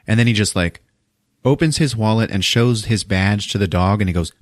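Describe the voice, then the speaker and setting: A man's voice: on the low side, slow pace, long pauses, no room sound, studio quality. A man hosting a podcast, recapping a film in casual chat and acting out its characters with lots of swearing. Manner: animated storytelling, acting out characters with profanity.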